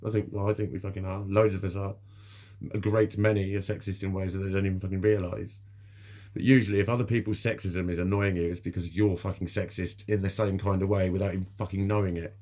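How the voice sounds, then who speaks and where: A man's voice: low-pitched, flat delivery, fast, mellow. A middle-aged man, talking candidly to camera in a rambling, sweary way, laughing often. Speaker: vlogger. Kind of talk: candid personal monologue.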